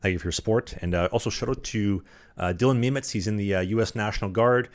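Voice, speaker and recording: A man speaks in a lowish voice as a podcast co-host. He reads shout-outs and throws in blunt jokes, and he pads his lines with filler words. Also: fast. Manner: blunt, joking, many "uh" fillers. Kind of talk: casual podcast banter.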